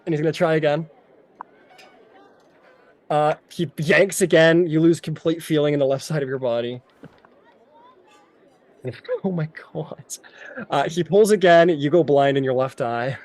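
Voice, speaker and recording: Higher-voiced man running a tabletop game. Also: a little slow, long pauses, darkish tone, dry recording. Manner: loose, filler-heavy storytelling. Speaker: game master.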